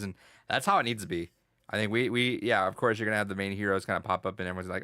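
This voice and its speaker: Male podcast co-host, low and sharp-toned, dry close sound, jokey and enthusiastic. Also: fairly even intonation, fast, clear, resonant tone, no echo. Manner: chatty and enthusiastic, jokes with co-hosts. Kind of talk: casual podcast chat.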